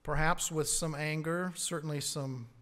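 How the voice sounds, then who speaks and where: A man preaching a sermon as pastor, earnest, rising on key words and dropping low on asides. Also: steady tone, unhurried, a bit bright.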